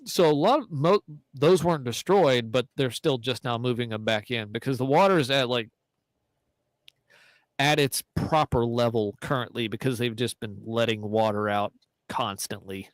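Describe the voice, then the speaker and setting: Rambling mid-pitched man on podcast. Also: normal speed, no echo, poor audio. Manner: rambling, self-correcting. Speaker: podcast co-host. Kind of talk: casual podcast storytelling.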